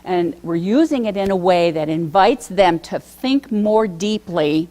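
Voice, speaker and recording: A woman presenting a workshop to educators, lecturing in a conversational way with frequent pauses and fillers. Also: on the low side, lively intonation, dark tone. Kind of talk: lecture on coaching communication.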